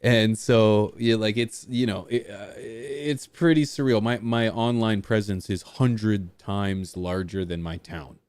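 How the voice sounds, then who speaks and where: A man's voice: lowish voice, fairly even intonation, takes it slowly, few pauses, darkish tone, clear, resonant tone, dry recording. A man who streams, chatting casually and jokingly with his partner and viewers. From small rural town. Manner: rambling, self-deprecating, jokey. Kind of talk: casual livestream chat.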